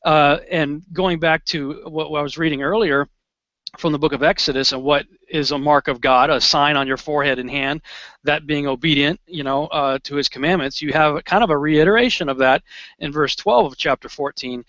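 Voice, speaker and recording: A man co-hosting a Bible study show, chatting in a relaxed way and reading verses aloud. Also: a little high, normal speed, no echo. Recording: dull lo-fi dry recording.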